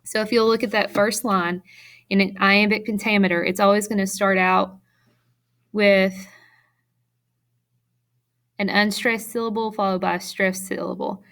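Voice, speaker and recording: A woman teacher talks through a prepared lesson, reading her notes in a steady, even way. Now and then she drops in a small filler before carrying on. It sounds like a recorded classroom lecture. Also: medium pitch, moderate pace, pauses often. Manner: reads notes aloud steadily, with occasional fillers.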